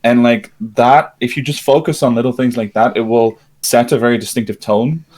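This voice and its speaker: A man's voice: medium pitch, steady tone, normal speed, darkish tone. A man who runs tabletop games, sharing advice in a thoughtful, hesitant way with fillers. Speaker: game master. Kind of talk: casual roundtable chat.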